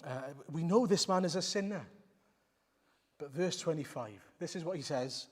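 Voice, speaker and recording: Male preacher, fairly high voice, emphatic sermon delivery, long church reverb. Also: animated, normal speed. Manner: emphatic, rhetorical questions, repeats lines.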